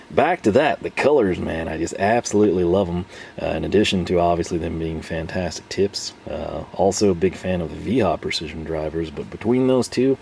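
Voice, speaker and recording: Man, tool reviewer, chatty and rambling, with a gravelly fry and a mellow tone. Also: low voice, slight background noise. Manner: chatty and rambling, with frequent laughs. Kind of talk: casual product review.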